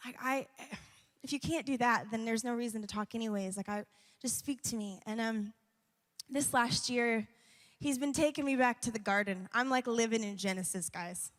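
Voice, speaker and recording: A woman's voice: on the high side, moderate pace, long reverb tail. Chatty young woman giving a church talk. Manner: chatty, rambling, laughs often, many fillers. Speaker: worship leader. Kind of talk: sermon-like personal talk. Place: church event.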